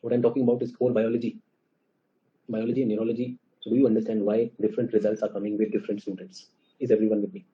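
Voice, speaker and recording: A man with an Indian English accent teaching a class, lively and often asking the students questions. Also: lowish voice, racing, muffled recording. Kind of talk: classroom lecture.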